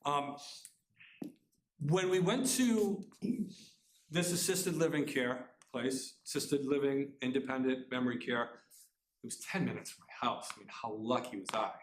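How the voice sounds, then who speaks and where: Fast-talking man telling a personal story. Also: medium pitch, slight background noise. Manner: fast, earnest, with restarts. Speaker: author giving a talk. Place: community center room. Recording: roomy hall sound.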